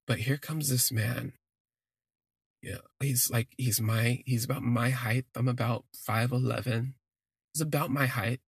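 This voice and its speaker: A man tells a personal story in a gravelly, husky voice, rambling and stopping to correct himself. The recording is close and dry, with no room sound. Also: medium pitch, fairly even intonation, measured pace, no room sound. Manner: rambling, self-correcting, gushing. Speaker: podcast storyteller.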